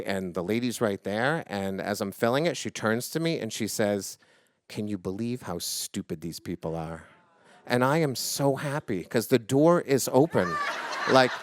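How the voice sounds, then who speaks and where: Animated man telling a live story. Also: mid-range voice, clean tone, dry recording. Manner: animated, swinging from loud indignation to hushed reflection.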